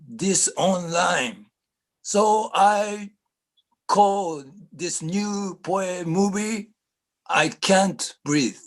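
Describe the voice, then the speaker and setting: A man, speaking hesitantly with many fillers before performing a poem at an open mic. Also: high-pitched. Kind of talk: spoken word poetry.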